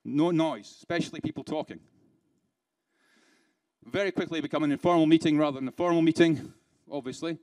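A British man keeps his conference keynote chatty, throwing rhetorical questions at the room and slipping into dry sarcasm. He speaks a little fast and pauses often, his darkish voice sitting a little high for a man and sounding close and dry in a dry recording.

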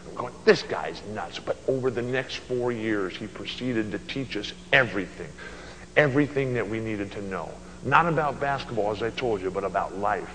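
A man in his sixties giving an animated keynote at a luncheon, telling stories and acting out voices. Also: fairly low pitch, moderate pace, big-room sound, a little hiss or hum, poor audio. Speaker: motivational speaker. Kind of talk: storytelling keynote speech. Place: banquet hall at a luncheon.

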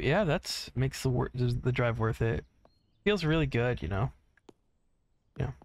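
A man's voice: mid-range voice, animated, unhurried, long pauses, no room sound, faint music behind. A man casually commentating his own gameplay, rambling, swearing freely and humming to himself as he plays, on a desk mic. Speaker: gaming channel host. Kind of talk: casual let's-play commentary. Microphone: desk mic separate from headset.

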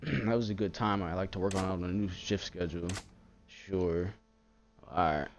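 A man hosting a let's-play gaming video, ranting in an excitable, profane way, speaking close to the mic. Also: low voice, moderate pace, highs cut off, a little hiss or hum. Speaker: gaming channel host.

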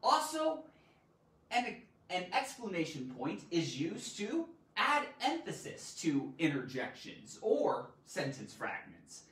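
A woman teaching a live online grammar lesson, animated and theatrical, with loud exclamations. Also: fairly low pitch, slow, roomy sound, far from the mic, poor audio.

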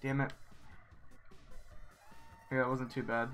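A man's voice: mid-range voice, flat delivery, slow, fairly bright tone, soft background music. Man streaming games, casual and sweary. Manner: casual, swearing, frustrated exclamations. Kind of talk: live gameplay commentary.

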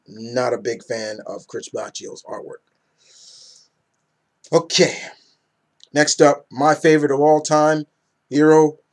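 Reviewing a comic book in a loose, rambling way, a young man speaks at a medium pitch, growing excited and performing the characters' dialogue.

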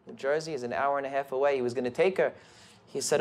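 A rabbi telling a story in a sermon, animated and building excitement. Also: male voice, medium pitch, fast. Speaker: rabbi and speaker.

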